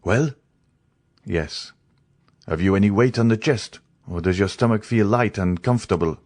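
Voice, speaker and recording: Man reading a deep-voiced brisk doctor, commanding, storybook. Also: darkish tone, dry recording, clean studio sound, close to an everyday voice. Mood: questioning. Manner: brisk, questioning. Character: urgent middle-aged male doctor, commanding.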